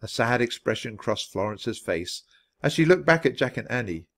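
A man reading a children's chapter book aloud with expressive storytelling. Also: mid-range voice, normal speed. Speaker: storybook reader.

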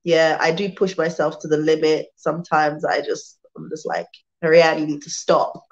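A woman with a British accent talks her way through viewer comments in a loose, rambling live-stream chat, restarting her sentences often. Her voice sits fairly low and sounds worn out. The sound is dull and lo-fi. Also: level tone, moderate pace. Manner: chatty and rambling, with many restarts and fillers. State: tired, worn out.

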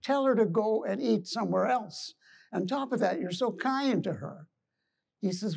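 Woman, joke teller, husky gravelly voice, chatty, conversational. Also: medium pitch, animated, normal speed, a little mellow. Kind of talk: telling a joke.

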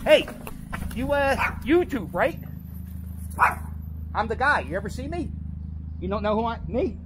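A man talks in a high voice that swings widely up and down. He rambles excitedly to himself while riding a bike down a city street. Traffic and street noise are clearly heard around him. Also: a little slow. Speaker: vlogger. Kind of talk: casual vlog monologue while cycling.

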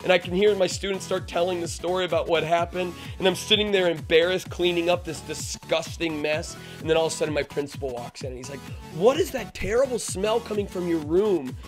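A man, a teacher, telling a funny story from his classroom in a lively way, dropping low and then getting excited. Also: fast talker, hardly any pauses, music in the background. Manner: lively, swings from hushed to excited. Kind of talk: animated personal storytelling.

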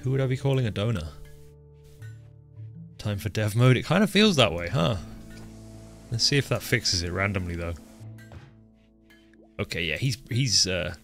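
A man's voice: lowish voice, big pitch swings, normal speed, vocal fry, long pauses, fairly bright tone, soft background music. A man with a light Northern English accent, chatting casually while live-streaming a colony game and reading chat aloud. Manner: chatty, reads chat aloud, swears at characters.

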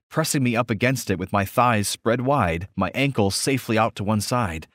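A man narrating an audiobook romance in the first person with a steady, intimate reading. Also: fairly low pitch, dry recording, studio quality.

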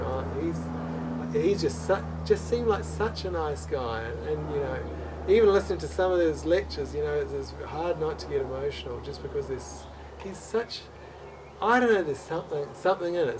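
A man with a slightly higher-than-usual voice tells a personal story in conversation. He talks earnestly and openly emotional, often stumbling and repeating words before going on. A faint background hiss sits under his voice. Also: far from the mic. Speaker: guest.

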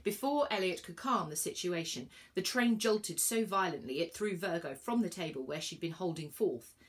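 A woman's voice: fairly low pitch, lively intonation, normal speed. A woman reading a children's novel aloud, telling the story expressively. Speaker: reader. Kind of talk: children's book read-aloud.

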